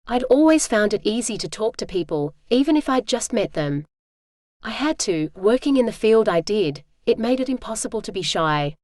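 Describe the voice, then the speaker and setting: A woman's voice: a little high, big pitch swings, normal speed, a little mellow, no room sound, studio quality. Woman narrating a romance audiobook. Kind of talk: first-person romance narration.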